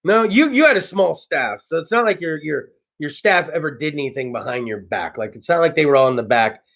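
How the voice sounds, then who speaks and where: A man hosting a casual comedy talk show, telling stories in a brash, profane, animated way. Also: a little high, brisk, gravelly. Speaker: host.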